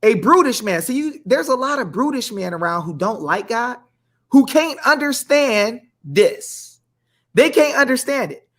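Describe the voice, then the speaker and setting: Excitable preacherly man hosting a livestream. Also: very high voice, a little slow. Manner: excitable, preacherly, colloquial, addresses viewers as y'all. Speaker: livestream co-host. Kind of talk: animated live-stream talk with Bible reading.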